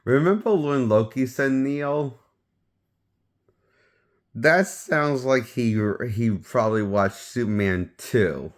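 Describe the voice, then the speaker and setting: A man with a medium-pitched voice speaks slowly, giving a casual movie review as a film reviewer. He rambles, often restarts his sentences, and shares offhand opinions.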